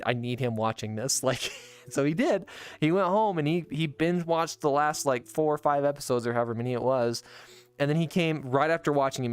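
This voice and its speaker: A young man hosting a casual podcast, telling a long story in a rambling way, with many fillers and restarts, and growing animated as he goes. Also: medium pitch, clear, resonant tone. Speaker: podcast host.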